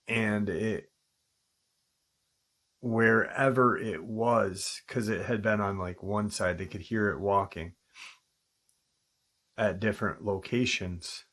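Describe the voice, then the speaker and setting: A man hosting a channel, casually retelling a listener's encounter in a halting way, with frequent ums and restarts. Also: lowish voice, a bit bright. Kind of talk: casual spoken storytelling.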